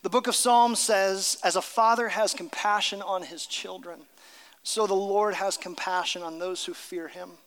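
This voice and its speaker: A pastor preaching a sermon, telling a story and dropping to a hushed voice at tender moments. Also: male voice, high voice, fairly even intonation, measured pace, big-room sound.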